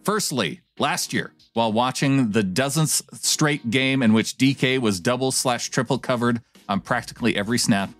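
A man's voice: medium pitch, normal speed, hardly any pauses, a bit bright, soft background music. A man co-hosting a podcast, reading a listener's email with playful, theatrical delivery, then chatting casually. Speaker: podcast co-host.

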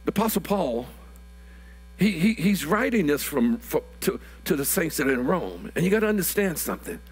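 A man, preaching a sermon that builds to shouted, drawn-out phrases, often repeating words. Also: on the high side, very animated, husky. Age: 60s.

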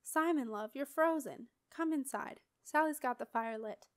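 A woman reading the part of a gentle, caring mother. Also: high-pitched, moderate pace, lightly acted. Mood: tender. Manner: gentle and soothing.

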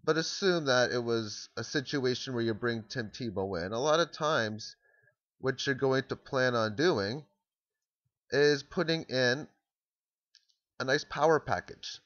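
A man's voice: medium pitch, a bit bright, dry recording. A man in an ordinary middle register talks through football tactics off the cuff. He rambles and restarts his sentences as he works out each idea. The sound is dry and close, on a dull lo-fi recording. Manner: rambling, thinks aloud, restarts sentences while walking through plays. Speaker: amateur football analyst. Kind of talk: casual spoken explainer.

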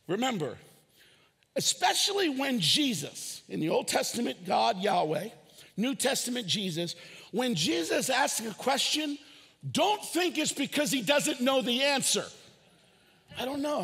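Animated pastor with a husky, gravelly voice. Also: male voice, high voice, normal speed, in a large hall. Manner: animated preaching with shouted peaks and acted dialogue. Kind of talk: sermon. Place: church hall.

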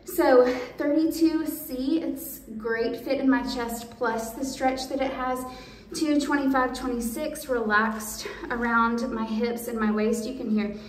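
A woman's voice: sits high, fairly even intonation, measured pace, far from the mic, a little hiss or hum. A woman, hosting a casual clothing try-on and gushing to viewers in a chatty way. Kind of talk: casual product try-on video. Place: room indoors. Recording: echoey room, voice from off the mic.

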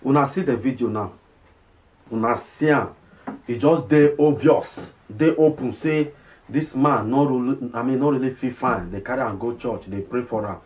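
A man with a Nigerian Pidgin accent talks casually over clips in his vlog. He is chatty and repetitive, often checking whether his listeners follow. His voice sits at an ordinary middle pitch. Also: normal speed, a little mellow. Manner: chatty, repeats himself, many fillers and "you understand?". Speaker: vlog host. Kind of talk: casual commentary.

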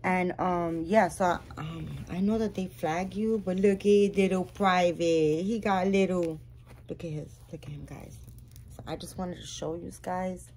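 A woman's voice: lowish voice, a little slow, slight background noise. Chatty woman doll-collecting vlogger. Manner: chatty, animated retelling with frequent restarts. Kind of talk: casual vlog storytelling.

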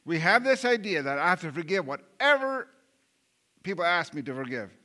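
A man's voice: on the high side, very animated, moderate pace, sharp tone. A male pastor preaching a sermon in an earnest way, often repeating words and restarting, and putting rhetorical questions to the congregation.

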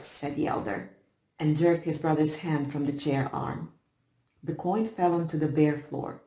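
A woman reading a short story aloud as audiobook narrator, steady and measured. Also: sits low, roomy sound, low-quality recording. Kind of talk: scripted narration.

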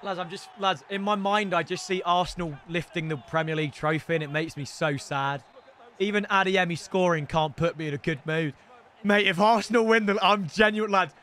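High-pitched, excitable gaming streamer. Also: male voice, normal speed. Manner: excitable, yells at the game, chatty banter to viewers. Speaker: gaming YouTuber. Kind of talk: live gameplay commentary.

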